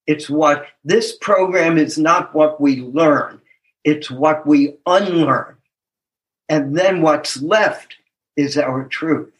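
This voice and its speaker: Here a man in his seventies, voice a little high and slightly bright, shares his recovery testimony at a meeting. He's sincere and thoughtful, emphasizing key words and chuckling at himself along the way.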